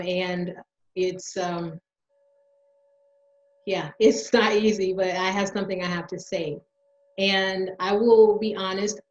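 In a theatrical monologue, a woman plays a mother speaking out from her platform, emotional and defiant, building to anger. Her voice sits at medium pitch, and the recording is muffled and reverberant.

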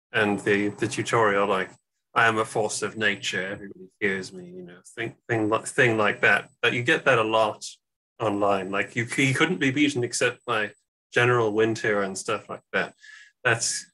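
Bright-voiced man, chatty and hesitant. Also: lowish voice, low-quality recording. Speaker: podcast guest. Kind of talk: casual discussion while playing.

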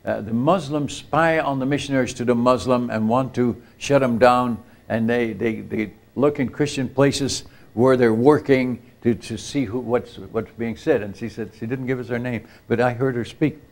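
With a creaky, medium-pitched voice and fairly even intonation, an older missionary man speaks at normal speed with hardly any pauses. He's telling a story in a retreat camp meeting sermon, acting out the quoted voices and often addressing the audience with asides.

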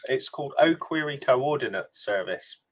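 A man with a British accent joins a casual coding chat. He asks wry, doubting questions and then talks through technical ideas at length in an even, mid-pitched voice. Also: moderate pace, slightly rough. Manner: dry, questioning, explains at length. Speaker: co-host developer.

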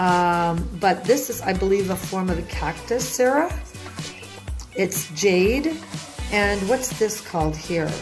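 A middle-aged woman giving a rambling, enthusiastic tour of her houseplants at home, often unsure of their names. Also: medium pitch. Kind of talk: casual home video tour. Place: home room with plants. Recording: roomy home echo with music behind.

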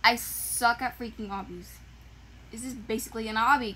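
A woman's voice: fairly high pitch, steady tone, normal speed, pushed and bright, a little hiss or hum, poor audio. A woman gamer chatting casually while playing, frustrated and exclaiming, with dramatic complaints. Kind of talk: casual gameplay chat.

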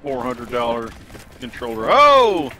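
Bright-voiced man with dry humor. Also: mid-range voice, a little fast, slight background noise. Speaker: co-op game player. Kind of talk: casual gameplay chat.

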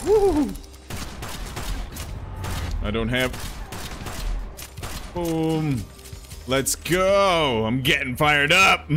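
A man's voice: on the high side, wildly swooping pitch, drawn-out words, long pauses, bright, forceful tone. A man giving playful live commentary while playing a video game, chanting gunshot sounds as he goes. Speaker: let's play gamer. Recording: game music playing underneath. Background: video game music.

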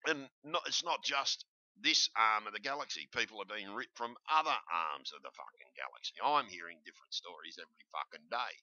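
Sick, profane Australian guy ranting to camera; low, sharp voice, dry lo-fi sound. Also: animated, fairly quick, dry recording. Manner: agitated, heavily profane, rambling. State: ill and in pain. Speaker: vlogger.

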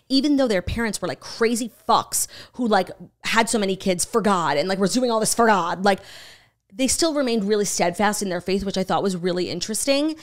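A young adult woman co-hosting a podcast, retelling a story in casual chat, animated and swearing freely, with many "like"s. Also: medium pitch. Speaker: podcast co-host.

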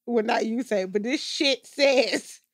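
A woman's voice: on the high side, slow pace, a little hiss or hum. A woman co-hosting a casual podcast chat, sounding exasperated and repeatedly saying she is done. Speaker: podcast co-host.

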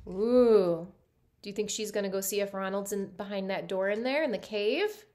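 A woman teacher reading a picture book aloud to a class, stopping often to ask the students questions in an animated way. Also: medium pitch, normal speed.

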